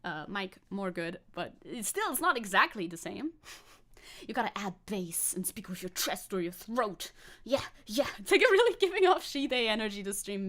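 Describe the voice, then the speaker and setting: A woman's voice: mid-range voice, lively intonation, moderate pace, fairly bright tone. A woman chatting on a live stream, rambling and scatterbrained, laughing often between thoughts. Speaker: VTuber streamer. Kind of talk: casual live-stream chat.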